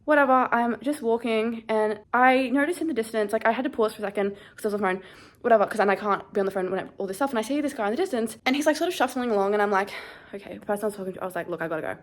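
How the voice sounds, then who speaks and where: A woman's voice: on the high side, racing. A young woman vlogger, shaky and scared, rambling through a story in casual chat with lots of "like". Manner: shaken, rambling, heavy use of "like".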